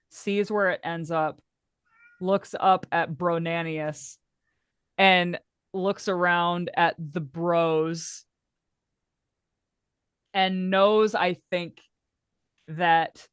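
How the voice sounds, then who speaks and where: A woman's voice: fairly low pitch, fairly bright tone, smooth, no echo, studio quality. A woman playing a tabletop role-playing game, narrating her moves in a rambling way and laughing often. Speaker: player.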